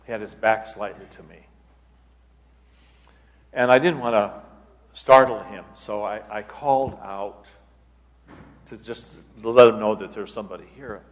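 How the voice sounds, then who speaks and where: A man, an abbot, telling a personal story at a retreat talk in an unhurried, halting way, often restarting his phrases. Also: fairly low pitch. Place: church hall. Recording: long reverb of a large hall.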